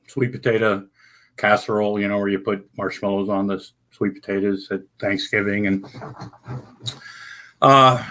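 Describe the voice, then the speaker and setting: A man chats to his livestream audience from his home, his voice bright and cutting. He rambles from thought to thought, addresses everyone as folks, and drops curse words without a second thought. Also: lowish voice. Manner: rambling, loud bursts, swears casually, addresses "folks". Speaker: livestream host. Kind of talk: rambling livestream chat to viewers. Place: indoors at home.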